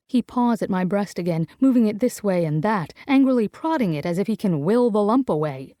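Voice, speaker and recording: A woman's voice: medium pitch, lively intonation, normal speed, hardly any pauses, dark tone, no echo. Brief: young woman, first-person romance audiobook narrator, dry close mic.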